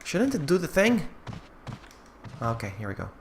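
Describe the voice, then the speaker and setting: A man streaming a horror game, talking to himself in casual commentary that swings from low muttering to frustrated yelling. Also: huge pitch swings, normal speed, a little hiss or hum.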